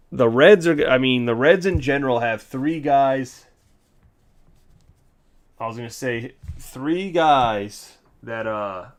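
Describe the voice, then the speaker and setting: Male card-break host, casual livestream chatter, reels off names in rapid lists, sarcastic and ranty between them. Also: mid-range voice. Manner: rattles off player names in quick lists; sarcastic, ranting asides.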